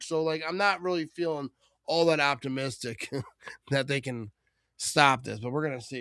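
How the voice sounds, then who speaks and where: A man hosting a live watch party, calling the plays and reacting with excitable energy. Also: fairly high pitch, clean tone, no room sound, studio quality. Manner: calls plays rapidly, bursts into excited shouting. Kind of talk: play-by-play commentary.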